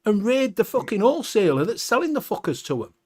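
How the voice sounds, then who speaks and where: A man's voice: high voice, sing-song, fast talker, breathy edge. A Welsh man hosting a casual livestream chat, ranting bluntly with heavy swearing. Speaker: show host.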